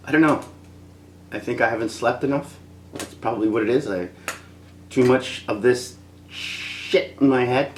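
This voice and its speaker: A man's voice: mid-range voice, normal speed, long pauses, roomy sound, a little hiss or hum. A man giving a rambling, casual film review, laughing often and slipping into impressions.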